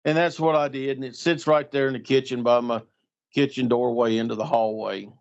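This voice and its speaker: A man's voice: medium pitch, fairly quick. A middle-aged man telling a story in casual talk, acting out the voices of the people in it. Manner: animated, acts out voices in anecdotes. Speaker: guest storyteller. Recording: dull lo-fi sound.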